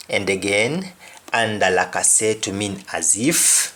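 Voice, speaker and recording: A man's voice: lowish voice, lively intonation, sharp tone. A man teaching a spoken language lesson, saying each example phrase twice and then explaining its meaning. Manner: deliberate, explanatory delivery.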